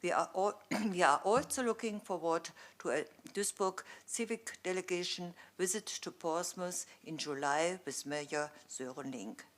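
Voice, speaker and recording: German-accented woman, somewhat low voice. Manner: careful, slightly halting, clears throat. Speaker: visiting civic representative. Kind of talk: formal ceremonial speech.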